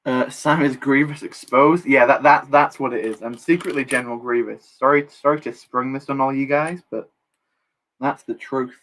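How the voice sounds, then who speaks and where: The voice is mid-range, steady, and fairly bright, at a normal speed. It belongs to a young streamer building Lego live, who chats casually, reads chat aloud, answers viewers, and cracks light jokes about himself while working.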